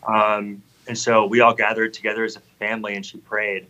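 A man's voice: on the low side, completely flat delivery, a little fast, pushed and bright, low-quality recording. A man in his thirties telling an earnest, heartfelt personal faith testimony in conversation. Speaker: guest sharing a testimony.

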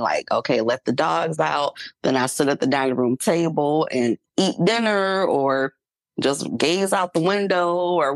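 A woman's voice: low-pitched, dry recording. A middle-aged woman co-hosting a podcast, telling a personal story in casual chat with fillers and laughs. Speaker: podcast co-host.

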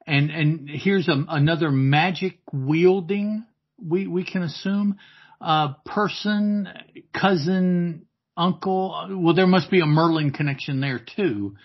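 A man's voice: fairly high pitch, slow, slightly rough, dull audio. A man chatting as a podcast guest, hesitant and repeating words as he thinks aloud. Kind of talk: casual chat.

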